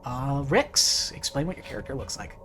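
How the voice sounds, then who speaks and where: A man narrating as game master, unhurried and dropping in frequent fillers. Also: mid-range voice, lively intonation, a bit bright.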